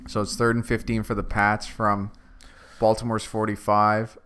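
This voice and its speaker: A man co-hosting a casual sports watch-along stream, relaxed, reading viewer comments aloud. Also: on the low side, moderate pace, noisy background. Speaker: co-host.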